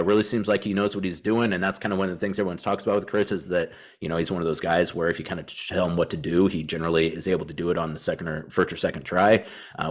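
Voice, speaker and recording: Fast-talking low-voiced male podcast co-host. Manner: analytical, cites stats, long run-on thoughts. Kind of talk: casual chat.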